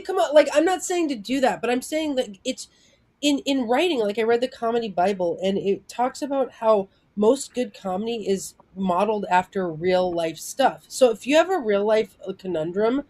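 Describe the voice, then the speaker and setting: A woman's voice: fairly high pitch, lively intonation, moderate pace, a little mellow. Chatty woman producer running a meeting. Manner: chatty, full of "like" fillers, acts out quotes. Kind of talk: casual meeting chat.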